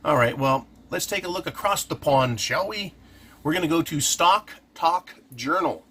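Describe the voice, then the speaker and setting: A man's voice: a little high, lively intonation, moderate pace, bright, forceful tone, breathy edge. A man hosting a casual commentary, talking through his points by asking and answering his own questions. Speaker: host.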